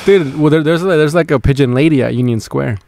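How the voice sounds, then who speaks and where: A young man hosting a podcast, an animated storyteller who often repeats his words. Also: a little high, fairly quick, gravelly. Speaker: podcast host. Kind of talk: casual chat.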